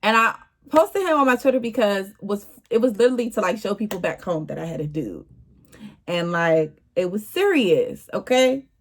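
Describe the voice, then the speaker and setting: Young woman vlogger, slangy exasperated storytime, mid pitch. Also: animated, moderate pace. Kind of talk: casual storytime.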